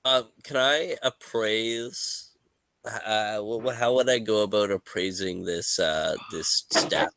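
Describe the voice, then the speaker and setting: A man playing a tabletop game, describing things in a halting, stumbling way. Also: on the low side, bright, forceful tone, clear, resonant tone, no echo, poor audio. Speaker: player. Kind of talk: tabletop game play, casual chat.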